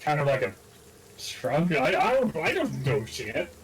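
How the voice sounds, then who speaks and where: A man's voice: mid-range voice, sing-song, unhurried, a little hiss or hum, rough recording. A man as a player at a tabletop game, blunt and joking, with some swearing. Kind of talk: casual tabletop play.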